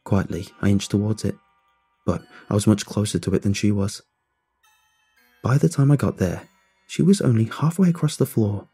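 A man tells a scripted horror story in a measured, suspenseful manner. His voice is lowish, dark and a little husky. Quiet music plays underneath. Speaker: narrator.

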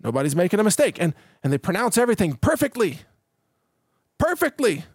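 A man's voice: high voice, expressive, rapid-fire, a little mellow, no room sound. Rambling male podcast host, dry sound. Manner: rambling, self-interrupting with repeated words and restarts; chuckles between points. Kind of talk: casual solo podcast monologue.

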